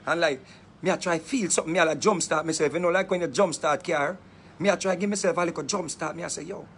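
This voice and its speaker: A Jamaican man telling a story in casual, patois-heavy speech, animated and laughing often. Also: fairly high pitch, fast, background noise.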